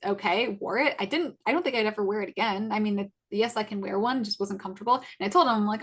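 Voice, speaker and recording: A woman in her twenties, a podcast co-host, telling a personal story in a casual, halting way, full of fillers and self-corrections. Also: medium pitch, a bit bright. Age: 20s.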